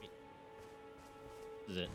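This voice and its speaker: A man streaming a video game, commentating live, excitable and yelping and swearing at the action. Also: a little slow, music in the background.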